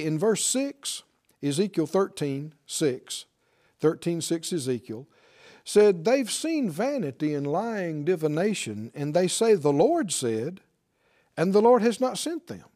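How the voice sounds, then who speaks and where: Slow, mellow-voiced male preacher. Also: sits high, sing-song. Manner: slow, emphatic preaching with sudden loud stresses. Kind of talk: sermon.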